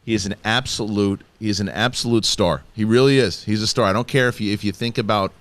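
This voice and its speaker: Rambling low-voiced man with a Chicago accent. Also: fast, a bit bright, no echo. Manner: rambling, repeats himself, swears. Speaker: host. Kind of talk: casual panel chat.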